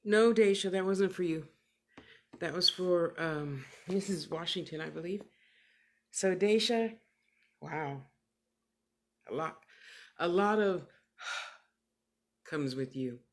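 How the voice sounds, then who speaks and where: A woman working as a clairvoyant medium, giving casual livestream readings in an animated, emphatic, sassy and motherly way, often repeating phrases for emphasis. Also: fairly low pitch, slow pace, pauses often.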